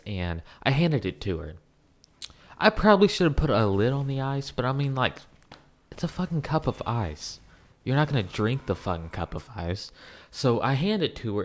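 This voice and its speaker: A young man giving casual commentary over gameplay, ranting about his fast food job with swearing and frequent laughs. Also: lowish voice.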